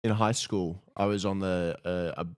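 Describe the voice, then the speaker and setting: A man's voice: sits low, fairly even intonation, unhurried, clean tone. A young man co-hosting a livestream, joking and teasing in casual banter. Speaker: streamer, co-host.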